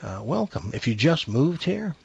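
A man's voice: a little high, very animated, moderate pace, vocal fry, slightly rough, no room sound, highs cut off. A man hosting a radio show, trading casual jokes and reading promos in a chatty way. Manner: jokey, chatty, reads promos. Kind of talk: casual studio banter.

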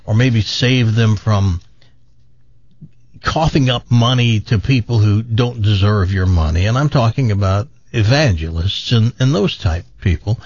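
A man's voice: on the low side, a little mellow, dry recording. Chatty guy hosting a talk show, rambly, lots of restarts, muffled dry mic. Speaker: host. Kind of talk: casual talk show monologue.

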